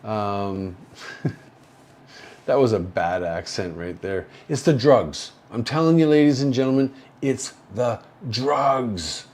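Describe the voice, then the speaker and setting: A man's voice: on the low side, a little mellow. Drowsy man slurring on painkillers. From Canada. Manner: slow, rambling, halting with many fillers. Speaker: livestream host. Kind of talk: casual livestream chat reading viewer comments. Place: hospital room.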